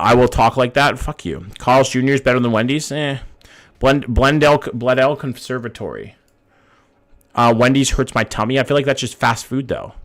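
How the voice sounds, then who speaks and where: A young man streaming a game live, chatting casually with viewers and thinking out loud. His talk is slangy and loose with the odd swear, and it often drops to quiet mutters as he studies the map. His pitch sits right in the middle for a man. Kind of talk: live-streamed gameplay commentary reading chat.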